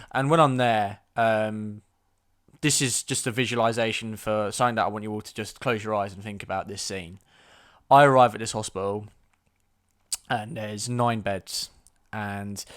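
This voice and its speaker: A young man telling a story to camera, blunt and exasperated, swearing freely. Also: lowish voice. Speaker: vlogger. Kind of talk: storytime vlog.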